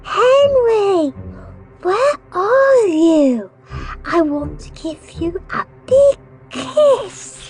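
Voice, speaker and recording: A woman's voice: very high voice, lively intonation, very slow, pitched above the performer's own voice, full character voice. A woman reading a storybook and voicing a clingy, adoring little toddler girl with a lisp, over background music. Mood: pleading.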